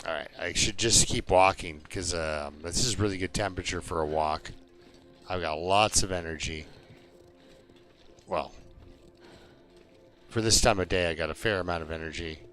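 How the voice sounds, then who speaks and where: A man streams a survival game, chatting and telling stories in slow, rambling fashion with lots of fillers as relaxed gameplay commentary. His voice is low and a bit bright, with faint music behind it.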